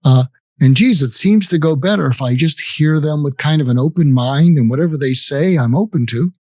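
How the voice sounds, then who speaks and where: A man's voice: a little high, brisk, a little mellow, dry recording. Older man, psychiatrist guest, earnest explainer, acts out sample dialogue, dry close sound. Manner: earnest, acts out example dialogues, many restarts. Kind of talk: explanatory interview talk.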